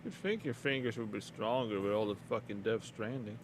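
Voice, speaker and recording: A man's voice: fairly low pitch, brisk. A man co-playing a shooter game, joking crudely with the host in casual banter. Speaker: co-player on stream. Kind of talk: casual gaming chat. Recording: noisy game stream audio.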